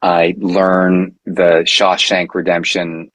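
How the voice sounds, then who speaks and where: A man in his forties, a guest on a podcast, telling a long personal story in a casual, animated way with many fillers and restarts. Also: low-pitched, takes it slowly, no echo, poor audio.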